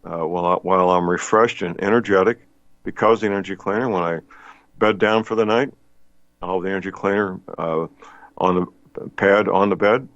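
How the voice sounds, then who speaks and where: A man's voice: low-pitched, fairly even intonation, a little fast, fairly bright tone, dry recording. An older man hosting a radio talk show, chatting in a folksy, rambling way with many fillers. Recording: dull lo-fi radio sound.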